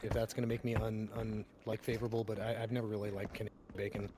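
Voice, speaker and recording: A man's voice: lowish voice, flat delivery, fast talker, over a noisy crowd. Laid-back man from Texas on voice chat. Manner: laid-back, curious, laughs. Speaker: gaming teammate. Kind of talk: casual gaming chat. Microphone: voice chat mic. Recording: voice chat with clear hiss.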